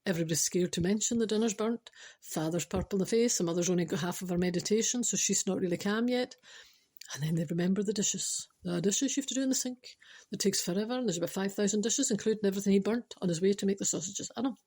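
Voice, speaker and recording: A woman's voice: mid-range voice, fast, a little mellow, slightly rough. A Scottish woman in her forties telling a rambling comic story, chatty and self-interrupting, often adding "I know" and ad-libbing. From Scotland. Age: 40s. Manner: chatty, keeps saying "I know", ad-libs and digresses.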